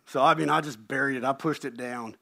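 Bright-voiced middle-aged male pastor preaching. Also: medium pitch, fairly quick, creaky. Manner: animated storyteller, self-deprecating, repeats words when excited. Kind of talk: sermon with personal stories.

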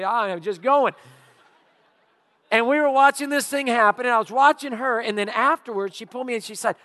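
A male pastor preaching a sermon, telling stories with animated, drawn-out emphasis. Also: extremely high pitch. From Louisiana. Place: church auditorium. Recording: long reverb of a church hall.

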